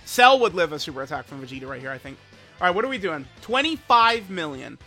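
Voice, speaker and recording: Bright, high-voiced man rambling over gameplay. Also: big pitch swings, fast, soft background music. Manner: rambling, hesitant, many restarts and fillers. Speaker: gaming channel host. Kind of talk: casual gameplay commentary.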